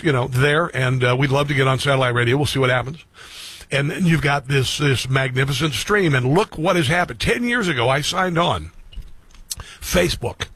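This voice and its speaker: A man's voice: a little high, fairly bright tone, slightly rough, dry recording. A middle-aged man hosting a radio and streaming talk show, speaking earnestly to his listeners and repeating phrases for emphasis. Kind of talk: personal monologue to listeners.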